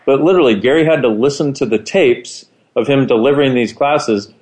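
Man in mid-pitch explaining eagerly. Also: fairly quick, a little mellow. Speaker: co-host. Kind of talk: casual conversational explanation.

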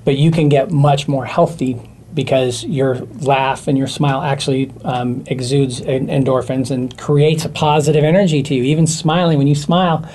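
Mellow-voiced man explaining communication tips. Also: medium pitch, normal speed, a little hiss or hum. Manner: explanatory, animated, with fillers. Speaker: communication expert guest. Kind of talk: casual chat.

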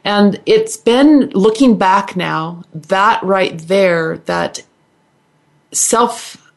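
Her voice is medium in pitch as this middle-aged healer, a radio interview guest, tells her life story. She speaks earnestly in a halting manner full of restarts and doubled words.

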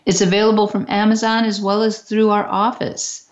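A woman co-hosting a talk radio show, reading a scripted announcement in a smooth, even way. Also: medium pitch, moderate pace. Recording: dull lo-fi radio audio.

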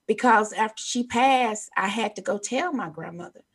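A woman's voice: medium pitch, normal speed, breathy edge. A woman co-hosting a casual chat, telling an earnest story. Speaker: co-host.

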